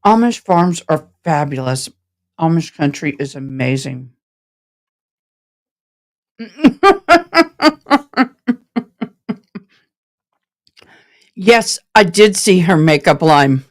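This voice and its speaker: Slow-talking chatty woman streamer. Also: low voice, expressive. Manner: chatty, rambling, reads out viewer comments; self-described passionate and direct. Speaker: trial commentary live-streamer. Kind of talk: casual live-stream chat.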